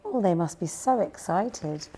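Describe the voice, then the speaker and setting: Woman, children's storyteller, gentle, slow, mellow tone, asks listeners questions. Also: lowish voice, animated, slight background noise. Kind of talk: reading a picture book aloud to children.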